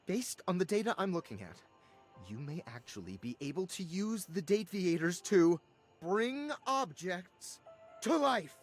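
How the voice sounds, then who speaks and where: A man's voice: high-pitched, very animated, unhurried, soft background music. A man voicing an anxious male scientist in a video game, urgent, nervous and wordy. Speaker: game character.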